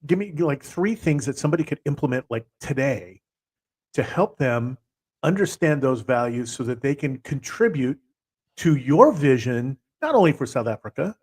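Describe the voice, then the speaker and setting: A man's voice: medium pitch, sing-song, normal speed, darkish tone, slightly rough. A man in a mid-range voice hosts a live interview. He heaps on praise, laughs easily and lets his questions run on. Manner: effusive, laughing, rambling questions. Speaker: host.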